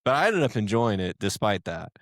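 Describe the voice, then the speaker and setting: Young man, casual podcast chat, low voice, dry close sound, rambling storyteller. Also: big pitch swings, brisk, dry recording. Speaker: podcast co-host.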